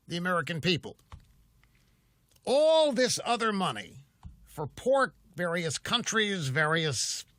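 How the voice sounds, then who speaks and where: Emphatic older talk radio host, bright voice. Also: male voice, high voice, no echo. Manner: emphatic, combative, rhetorical questions. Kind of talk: political talk radio monologue. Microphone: studio mic.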